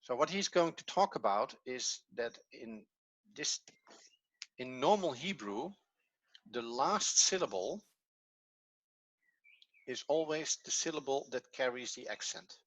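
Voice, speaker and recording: A man's voice: medium pitch, expressive, takes it slowly, pauses often, a bit bright. A man with a Dutch accent, a native Dutch speaker teaching a language lesson in English, patiently repeating key words as he explains. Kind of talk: classroom lesson.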